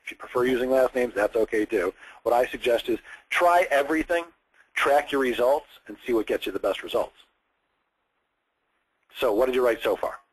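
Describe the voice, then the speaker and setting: A man's voice: mid-range voice, expressive, normal speed, breathy edge, poor audio. A man coaching a student on phone sales scripts, explaining step by step with direct examples. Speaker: sales trainer.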